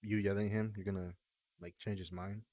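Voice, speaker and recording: A man's voice: lowish voice, little pitch movement, a little fast, dark tone, no echo. A man chatting casually on a stream, laid-back and rambling, with many fillers. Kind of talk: casual chat.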